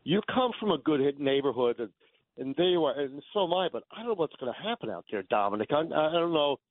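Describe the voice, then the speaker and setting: A man's voice: a little high, sing-song, fast talker, no room sound. A man calling in to a radio talk show, rambling and stammering as he tells a long story. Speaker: caller. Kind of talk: call-in radio chat. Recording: tinny phone line.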